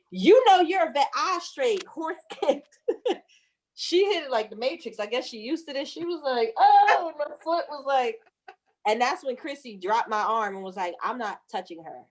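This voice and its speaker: A woman in her thirties telling a birth story with lots of laughter and swearing, acting out every voice in the story. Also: medium pitch. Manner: lively, laughing, cussing, acts out voices. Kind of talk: animated storytelling with acted-out quotes.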